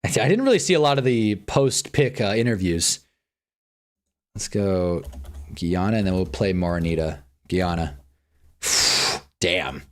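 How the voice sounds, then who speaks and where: A man hosting a livestream chats casually, thinking aloud and now and then muttering or swearing. His voice is deep with lively intonation, a little slow, and broken by long pauses.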